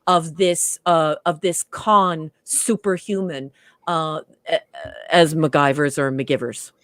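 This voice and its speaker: A woman discussing a TV episode in casual podcast talk, stopping and restarting often and trailing off softly. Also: lowish voice, fairly even intonation, takes it slowly, no echo. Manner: hesitant, many restarts and fillers, trails off softly. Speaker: guest co-reviewer.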